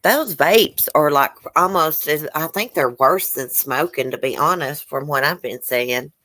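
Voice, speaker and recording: A woman's voice: low voice, unhurried, a bit bright, no room sound. A woman co-hosting a casual live stream, folksy and plain-spoken, joking with her co-host.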